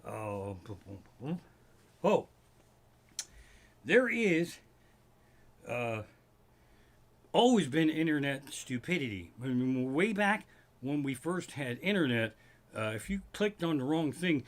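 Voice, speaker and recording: Animated, profane man ranting. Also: on the high side, takes it slowly, pauses often. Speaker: comedian hosting a livestream. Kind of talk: stand-up style rant. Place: living room.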